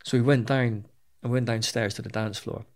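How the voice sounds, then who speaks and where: British man, ex-army, gravelly low-edged voice, blunt candid storyteller who swears and trips over his words, interview guest. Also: steady tone, moderate pace, a little mellow. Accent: British English. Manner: candid and plain-spoken, swears freely, repeats words as he goes. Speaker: interview guest, former soldier.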